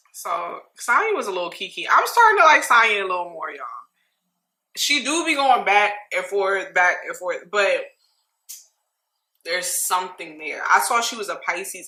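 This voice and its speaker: A young woman recapping a reality show in casual, slangy chat, animated and laughing often. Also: lowish voice, a little slow, long pauses. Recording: roomy echo.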